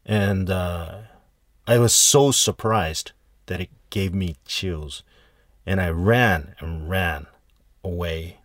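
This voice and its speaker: Slow, deep-voiced man telling a folk tale. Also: no echo. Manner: unhurried, halting retelling with fillers and restarts. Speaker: storyteller. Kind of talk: casual folk tale storytelling.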